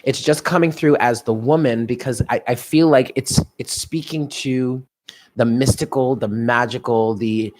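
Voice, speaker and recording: A man's voice: medium pitch, fairly even intonation, unhurried. A man doing a live tarot reading, talking in a musing, chatty way and often laughing to himself. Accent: New York. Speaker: tarot reader.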